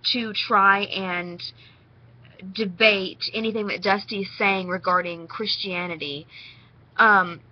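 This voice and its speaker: A woman's voice: mid-range voice, lo-fi sound. A young woman from Tennessee with a Southern accent, rambling casually as she talks straight to the camera in a response vlog. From Nashville, Tennessee. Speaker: vlogger.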